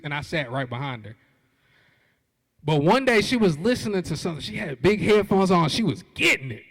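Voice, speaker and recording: A man speaks from a large auditorium stage, telling a comic story and acting out every voice. His pitch is high for a man and swings widely, and a long hall reverb trails his words. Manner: animated, acts out quoted voices. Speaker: keynote speaker. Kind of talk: comedic storytelling keynote.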